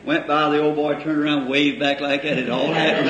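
Taking it slowly, a man with a slightly high, expressive voice delivers a sermon before a congregation in a church hall. The style is folksy storytelling, phrases drawn out and chuckles between lines, in an echoey old hall recording with faint hiss.

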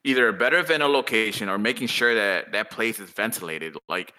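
A man talking as a podcast guest in a rambling, animated way with lots of fillers. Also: fairly low pitch, fairly quick. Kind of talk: casual podcast chat.

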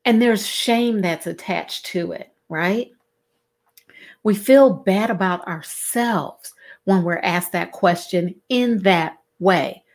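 A middle-aged woman, talking to her listeners in a casual, expressive way and acting out the questions she quotes. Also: slow. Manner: expressive, acts out quoted questions with big pitch swings. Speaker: host.

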